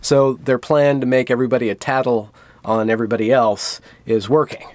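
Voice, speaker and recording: A man's voice: medium pitch, steady tone, a little fast, a little mellow, dry recording. A man giving sarcastic commentary, reading news text aloud and adding dry, sardonic asides. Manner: dry, sardonic asides between read-out quotes. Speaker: commentary vlogger.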